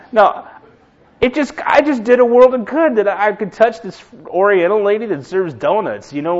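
A man in his sixties preaching a sermon, telling everyday stories with humorous asides. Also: fairly high pitch. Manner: conversational storytelling with humorous asides. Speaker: pastor. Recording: dull lo-fi recording.

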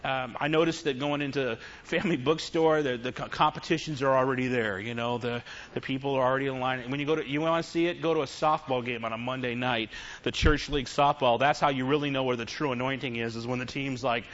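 This middle-aged preacher has a mid-range voice with a steady, fairly bright tone and a quick pace. He tells his congregation funny, confessional stories during a sermon, captured on a dull lo-fi recording.

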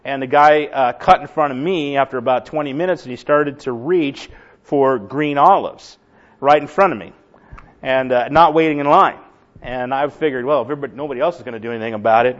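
A middle-aged man tells a funny personal testimony before a church congregation. He is a lively, self-deprecating storyteller with plenty of energy. His voice sits at an ordinary pitch and comes through a slightly muffled recording. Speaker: church member giving testimony.

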